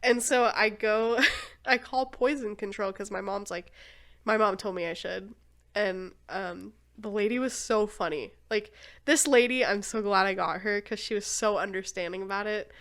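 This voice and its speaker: A woman's voice: mid-range voice, moderate pace, fairly bright tone. A young woman hosting a podcast, telling a story in casual chat, laughing often. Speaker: podcast host.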